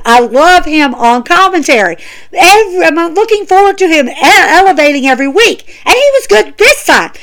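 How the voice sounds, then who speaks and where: Chatty woman doing a wrestling recap, high voice that swoops around a lot. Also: fairly bright tone. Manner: chatty, emphatic, addresses viewers as guys. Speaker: wrestling show reviewer. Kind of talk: casual opinion vlog.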